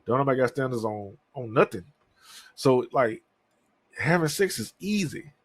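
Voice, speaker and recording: A man's voice: medium pitch, animated, moderate pace. Candid, cursing man in his thirties. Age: 30s. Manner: candid, profane, rambling. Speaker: podcast host. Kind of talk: casual solo monologue.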